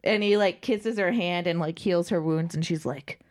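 A woman's voice: on the low side, normal speed. A woman co-hosting a podcast, recapping a novel in casual, irreverent chat and swearing freely. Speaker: podcast co-host.

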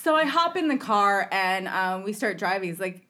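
A woman's voice: mid-range voice, a little fast, hardly any pauses. Chatty woman telling a story with quoted voices. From Los Angeles area. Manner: animated, quotes people in changing voices, laughs often. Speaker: podcast guest. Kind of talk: casual storytelling.

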